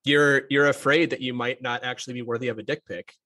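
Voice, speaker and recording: A man's voice: mid-range voice, fairly even intonation, pushed and bright. A man hosting a podcast interview, joking and bantering playfully with his guest. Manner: jokey and playful, quick banter. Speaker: podcast host. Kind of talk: casual conversational interview.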